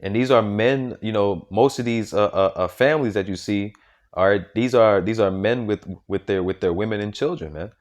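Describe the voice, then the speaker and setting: Emphatic low-voiced man preaching. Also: normal speed. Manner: emphatic, punctuates with "man" and "okay?"; repetitive, restarts sentences often. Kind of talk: informal preaching and scripture reading.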